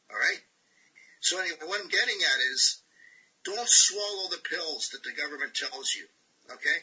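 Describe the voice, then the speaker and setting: A man's voice: fairly high pitch, bright, forceful tone, slightly rough, poor audio. A man delivering an impassioned, preachy rant on a group call, tagging his points with "all right?". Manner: preachy, repetitive "all right?" tag questions.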